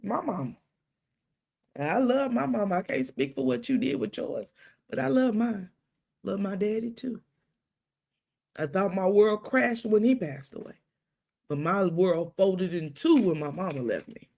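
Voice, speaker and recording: A middle-aged woman tells a personal story on her live stream. Her voice has a gravelly edge, and she acts out the dialogue, dropping to a hush and then climbing high with feeling. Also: moderate pace. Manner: animated storytelling with quoted dialogue and dramatic hushes. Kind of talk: casual live-stream talk.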